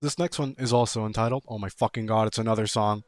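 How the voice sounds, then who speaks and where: A man's voice: on the low side, fairly even intonation, fast talker, few pauses, no echo. A man reading viewer-submitted horror stories aloud and mocking them, laughing and swearing between lines. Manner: laughing, profane, mocking commentary. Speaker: creepypasta reader.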